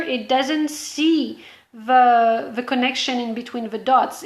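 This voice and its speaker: A woman business coach speaks with a high voice, explaining her points earnestly and addressing the listener directly. The recording carries a noticeable roomy echo around her. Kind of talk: motivational coaching talk to camera.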